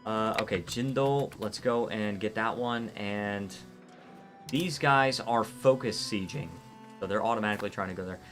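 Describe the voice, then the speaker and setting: A man's voice: lowish voice, moderate pace, a bit bright, soft background music. A man from Florida, chatting casually and rambling through a live game stream while he answers viewer chat. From Florida, United States.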